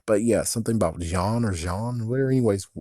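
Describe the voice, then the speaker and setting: A man's voice: on the low side, fast, dark tone, dry recording, clean studio sound. A man ranting through a movie review, exasperated and swearing constantly.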